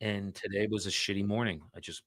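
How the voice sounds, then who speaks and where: A man's voice: on the low side, steady tone, fairly quick, a bit bright, dry recording. A man, a real estate agent chatting bluntly and with some profanity to live-stream viewers while his dialer runs. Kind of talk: casual live-stream chat.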